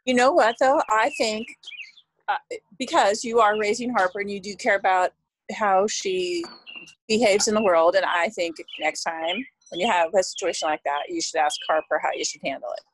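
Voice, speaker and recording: A woman's voice: mid-range voice, slight background noise, poor audio. A woman co-hosting a casual chat, a supportive listener who offers advice. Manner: supportive listener, quick interjections.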